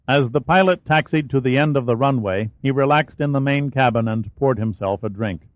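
A man narrating an audiobook thriller in a steady storytelling manner. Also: mid-range voice, normal speed, dry recording. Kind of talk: scripted narration. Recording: dry, phone-like narrow sound.

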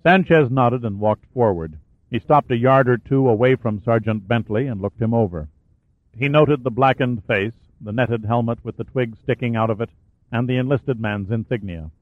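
A man's voice: mid-range voice, moderate pace, dry recording. Man narrating an audiobook in tinny sound. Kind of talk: scripted narration of a war thriller. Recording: dry, phone-like lo-fi sound.

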